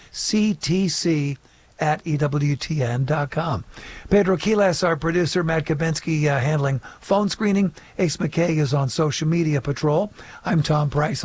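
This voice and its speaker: A man hosts a live call-in radio program with an upbeat, clear delivery. His voice sits a little high for a man. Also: darkish tone. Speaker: radio show host.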